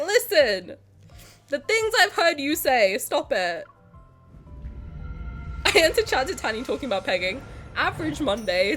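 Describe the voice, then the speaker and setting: Lively, foul-mouthed woman streamer. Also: sits high, measured pace, faint music behind. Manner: mock-angry, swearing, playful. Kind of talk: live-streamed game play with chat.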